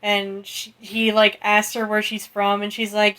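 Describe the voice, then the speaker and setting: A woman's voice: mid-range voice, monotone, unhurried, few pauses, a bit bright. A woman co-hosting a podcast, recapping a book casually with frequent laughter and swearing. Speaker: podcast co-host.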